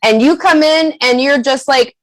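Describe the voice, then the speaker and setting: A woman guest on a podcast, talking candidly in an animated, profane, emphatic way and laughing often. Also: sits high, moderate pace, poor audio.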